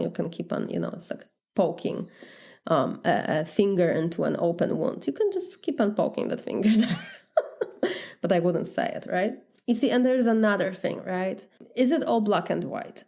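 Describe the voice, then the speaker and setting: A woman's voice: fairly low pitch, a little mellow. A woman with a Polish accent, a life coach talking in an earnest, conversational podcast monologue, now and then laughing. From Poland.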